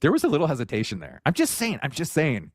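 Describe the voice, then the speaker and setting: A man, a Catholic commentator, speaking in a measured, explanatory way on a talk show clip. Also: on the high side, huge pitch swings, no room sound, studio quality.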